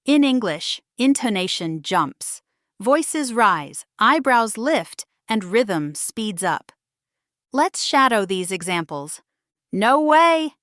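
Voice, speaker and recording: A woman teaching a scripted English speaking lesson, saying each phrase slowly and then saying it again for the listener to shadow. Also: medium pitch, sing-song, a bit bright, dry recording, studio quality.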